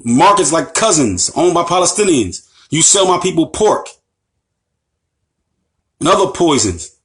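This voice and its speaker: An American Islamic teacher gives an impassioned, very animated lecture in a fairly high, slightly bright voice, speaking a little slowly. He repeats phrases emphatically and poses rhetorical questions to the audience.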